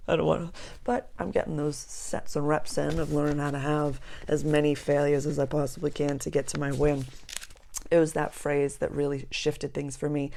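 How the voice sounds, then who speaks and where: A woman's voice: low-pitched, vocal fry, a little mellow. A young woman hosting a casual spiritual astrology vlog, chatty and rambling, sometimes dropping to a whisper. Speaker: astrology channel host. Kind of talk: casual spiritual talk to camera.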